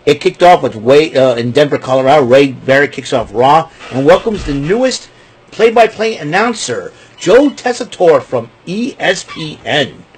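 A man hosting a wrestling recap show, rambling casually with joking asides and a husky voice. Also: fairly high pitch, very animated, normal speed, a little hiss or hum.

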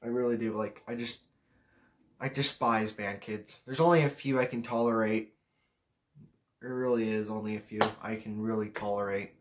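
A man's voice: on the low side, fairly even intonation, moderate pace, slight background noise. A teenage boy vlogging a casual rant to camera, ranking pet peeves in a profane, exasperated way. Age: teens.

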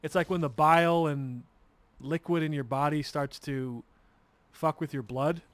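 This streamer has a slightly high voice, fairly even intonation, and a slightly slow pace, captured in a dry recording. While playing a game he tells a long, meandering story, peppered with profanity and plenty of restarts.

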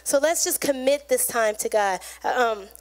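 A woman pastor delivers an earnest, chatty sermon to her congregation. Her voice sits high, and she talks it through like a friend, voicing short prayers and everyday conversations as she goes. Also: measured pace. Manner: conversational, earnest, acts out little quoted prayers and chats. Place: church sanctuary.

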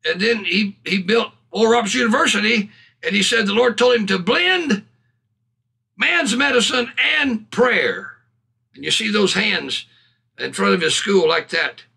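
A man preaching a sermon in a high, bright voice with a gravelly, husky edge. He is fervent and exclaims praise between his points. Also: lively intonation, measured pace. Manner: fervent, punctuated with hallelujahs and bursts of laughter.

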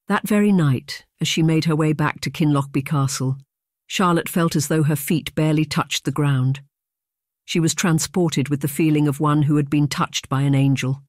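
An audiobook narrator reading a historical romance in a measured, even storytelling manner. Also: mid-range voice, dry recording, studio quality. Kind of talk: scripted narration.

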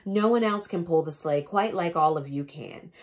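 A woman's voice: on the low side, normal speed, lightly acted. A woman reading Santa's lines from a picture book, an older man making amends. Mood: warm.

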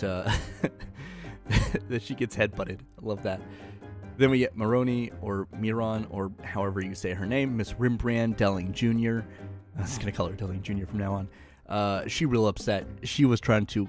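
A man giving a casual episode recap, joking, slangy and full of sarcastic asides. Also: fairly low pitch. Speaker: anime recap host.

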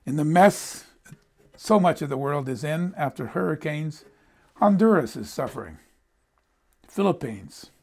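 Older man preaching, gravelly voice. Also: a little high, lively intonation, measured pace, pauses often, darkish tone. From United States. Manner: conversational storytelling, repeats words when he stumbles. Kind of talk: sermon.

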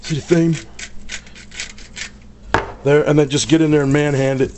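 A brash, joking man hosting a cooking show, bantering with the crew while he cooks. His voice sits a little high for a man. There is a faint hiss behind him. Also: steady tone, moderate pace. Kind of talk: casual cooking demonstration. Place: kitchen with grill.

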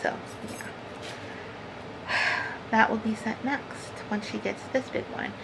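A woman's voice: fairly high pitch, steady tone, slow pace, creaky, fairly bright tone, slight background noise, low-quality recording. A woman hosting a crafting vlog from home, talking casually to the camera in a rambling, chatty way with frequent laughs and lots of "like". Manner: chatty and rambling, laughs often, says "like" a lot.

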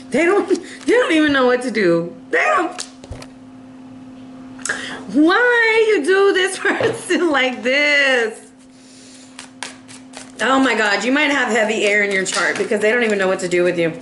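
A high-pitched woman giving a playful, chatty tarot reading, acting out quick voices for the cards. She laughs often and coughs now and then. The room is echoey, with a faint hum behind her. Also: big pitch swings, a bit bright. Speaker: tarot reader.

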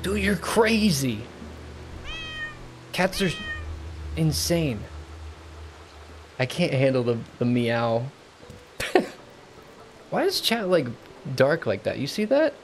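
Excitable male streamer, lively slow delivery. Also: on the high side, a little hiss or hum. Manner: excitable, gasping and laughing at the game. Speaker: game streamer. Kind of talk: casual live game-stream commentary. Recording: game music under the voice. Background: game music clearly audible.

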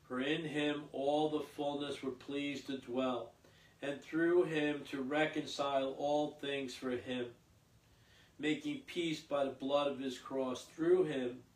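A priest reading scripture at Mass and then preaching a homily in a slow, halting way, with many fillers and repeated words. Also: male voice, medium pitch, fairly even intonation. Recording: echoey church, voice from a distance.

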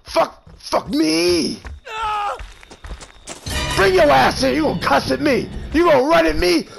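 A man streams a horror game and taunts the other players in loud, cursing, mock-threatening bursts. His voice is very high and full of gravelly fry. Loud game music runs behind him. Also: a little slow. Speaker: gamer streamer. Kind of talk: trash-talking gameplay commentary.

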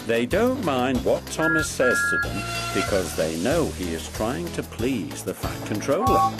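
Slow, lively storybook narrator, man. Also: medium pitch. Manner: slow, expressive reading. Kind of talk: storybook reading. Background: background music.

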